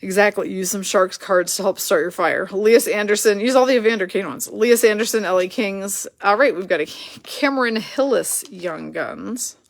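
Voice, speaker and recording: A woman's voice: mid-range voice, moderate pace, creaky, hardly any pauses. A woman hosting a live card break, rattling off names and teams in a chatty way and laughing at her own slips.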